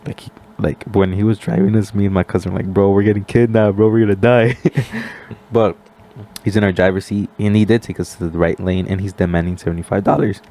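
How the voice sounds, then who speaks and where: Low-voiced young man telling a story. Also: fairly quick. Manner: animated storyteller, acts out quoted voices, many "like" fillers. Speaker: podcast guest. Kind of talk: casual podcast chat.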